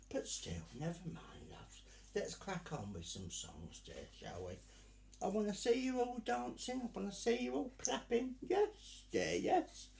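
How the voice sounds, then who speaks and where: A man's voice: fairly high pitch, gravelly, a little mellow, reverberant. A man performing as a drag act, hosting in a camp, theatrical manner and calling the audience dear and darling. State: sweltering in costume. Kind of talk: live virtual Pride stage address.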